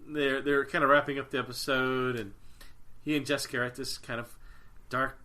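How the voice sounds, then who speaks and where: A man's voice: medium pitch, level tone, a little fast, bright, forceful tone. A man co-hosting a podcast in casual chat, teasing his partner and laughing easily. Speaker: podcast co-host.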